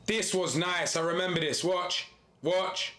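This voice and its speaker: A young man giving casual, excitable reaction commentary full of slang. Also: high-pitched, unhurried, reverberant. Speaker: YouTuber reacting to match footage.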